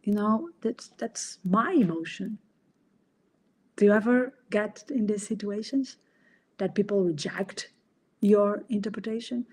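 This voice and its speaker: A woman's voice: mid-range voice, measured pace, darkish tone, slightly rough. A middle-aged woman coach and podcast host, explaining ideas in an earnest, casual way and sometimes acting out quoted dialogue.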